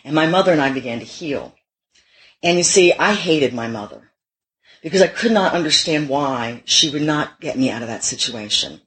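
A woman's voice: sits low, expressive, normal speed, poor audio. A middle-aged woman giving a personal testimony at a recovery meeting, candid and self-mocking, with frequent laughs.

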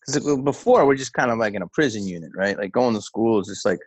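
A man's voice: lowish voice, lively intonation, quick pace, husky, no echo, poor audio. A comedian being interviewed, telling loose rambling stories and acting out the people he quotes. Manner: loose, rambling storyteller who acts out quotes. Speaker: comedian guest. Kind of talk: casual interview talk.

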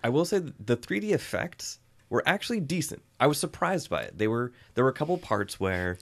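A man's voice: medium pitch, very animated, fairly quick, fairly bright tone. A man co-hosting a film review podcast in casual chat, sarcastic and laughing often.

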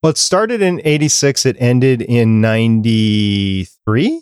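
A man in a casual podcast conversation, reading down a prepared list in a chatty, easygoing way. His voice sits at a middle pitch and sounds dry and close, with no room echo. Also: slow, darkish tone, clean tone. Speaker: podcast host.

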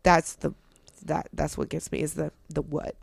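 A woman in a relaxed podcast chat, talking in a slightly low voice. She tells stories with lots of animation and quick laughs. Her recording is close and dry, with no room sound at all. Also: creaky, breathy edge, no echo. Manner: animated storytelling, laughs often. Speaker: podcast co-host, parent. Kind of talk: casual chat.

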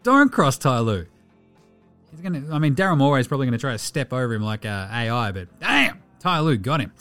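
A man's voice: mid-range voice, big pitch swings, a little fast, fairly bright tone, soft background music. Sweary Australian man hosting a sports podcast. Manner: sweary, jokey, rambling banter. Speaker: podcast host. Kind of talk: casual sports podcast commentary.

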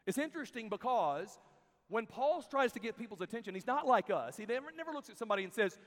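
A man preaching a sermon to a crowd in a large hall, telling stories in an animated way and acting out the people he quotes. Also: very high voice, fast talker. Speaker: camp speaker. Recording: long hall reverb.

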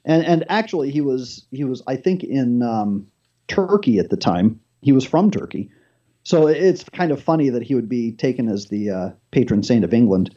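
A man's voice: mid-range voice, expressive, moderate pace, mellow, highs cut off. A man appearing as a talk show guest, telling a story with animation and acting out the dialogue himself.

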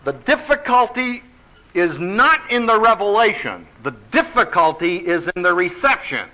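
Here a high-voiced man leads a Bible study at a measured pace, animated and emphatic. His humor runs dry, and the lo-fi recording has a dull sound.

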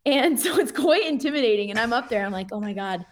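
A young woman, a pro skier, telling a story in a casual, animated way with lots of fillers and laughter. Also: high voice, fast talker, slight background noise.

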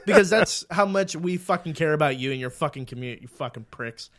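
A man's voice: a little high, animated, fairly quick, a bit bright. A man co-hosting a podcast, ranting in casual chat with heavy profanity. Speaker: podcast co-host.

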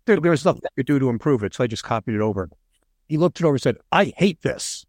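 A man's voice: medium pitch, lively intonation, very fast, a little mellow, dry recording, clean studio sound. Enthusiastic male podcast host. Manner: enthusiastic, eager questioner. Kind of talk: casual interview.

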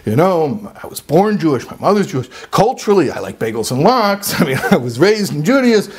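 A man's voice: on the high side, very animated, fairly quick, slightly rough. A man imitating an ailing older friend who insists on his identity and then hedges and evades. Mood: evasive.

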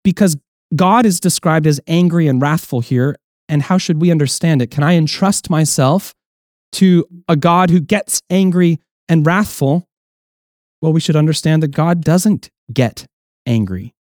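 A man's voice: on the high side, measured pace, darkish tone, no room sound, studio quality. A man preaching a sermon as pastor, explaining earnestly, with restarts, and acting out quoted voices.

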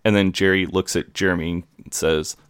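Deep, smooth-voiced male podcaster. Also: fairly even intonation, moderate pace, dry recording, clean studio sound. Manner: narrates plot beat by beat, quoting characters. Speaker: podcast co-host. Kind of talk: casual chat recapping a TV episode.

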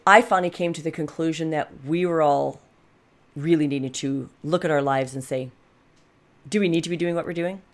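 Fifties woman, low register, candid reflective vlog coach, direct and emphatic. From Canada. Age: 50s. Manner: frank, emphatic, reflective, addresses viewers directly. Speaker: life coach and vlogger. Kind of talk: candid personal monologue to camera.

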